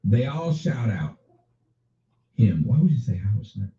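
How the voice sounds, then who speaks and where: Animated profane man in an echoey room. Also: mid-range voice, unhurried, recorded from a distance. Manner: animated, profane, addresses chatters by name. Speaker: livestream host reading viewer chat. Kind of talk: casual unscripted livestream talk. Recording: echoey room, off-mic, dull lo-fi sound.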